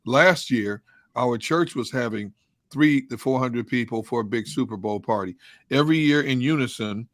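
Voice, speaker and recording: A man with a Philadelphia accent, co-hosting a casual sports talk show and speaking in a measured way with frequent ums. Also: medium pitch, a bit bright, no echo, clean studio sound.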